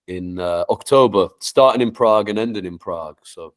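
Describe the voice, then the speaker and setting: A man's voice: on the low side, moderate pace. A man from Carlisle, a musician guest, casually and upbeatly promoting upcoming shows over a video call. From Carlisle, England. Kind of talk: casual chat.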